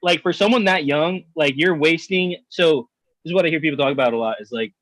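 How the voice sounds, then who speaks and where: A man with a fairly high voice riffs in loose, laughing podcast banter, cursing freely as he goes. His voice is close and dry, with no room sound around it. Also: brisk, fairly bright tone, no echo. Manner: laughing, swearing, jokey banter. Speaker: podcast co-host. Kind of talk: casual chat.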